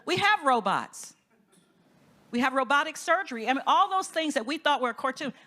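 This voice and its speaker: A female minister moves at a brisk clip through an inspirational talk at a conference. Her storytelling is spirited, and her pitch often lifts high with enthusiasm.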